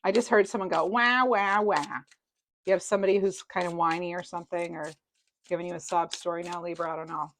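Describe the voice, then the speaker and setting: A woman giving a casual tarot reading to camera. She is chatty, gentle and sympathetic, thinks aloud and often laughs. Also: on the low side, level tone, quick pace, a little hiss or hum. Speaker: tarot reader.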